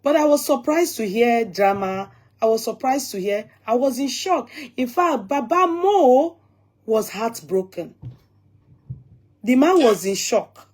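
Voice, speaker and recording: A woman with a somewhat high voice presses her points in casual talk. She questions her co-host insistently and keeps circling back to her argument. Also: lively intonation, measured pace, a little mellow. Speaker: vlog co-host. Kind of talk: casual commentary chat.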